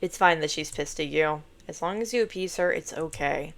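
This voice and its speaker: A woman's voice: deep voice, moderate pace. A woman streaming a game playthrough, chatty and filler-heavy, narrating and reacting between lines.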